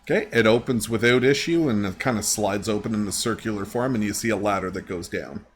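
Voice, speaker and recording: A man running a tabletop game as game master, relaxed and rambling, with many fillers. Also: lowish voice, brisk, slight background noise.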